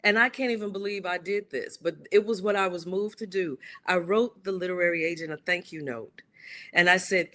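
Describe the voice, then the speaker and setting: A woman guest, an author and playwright, telling a story with lively animation and acting out the quoted dialogue in changing voices. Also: lowish voice, fairly quick.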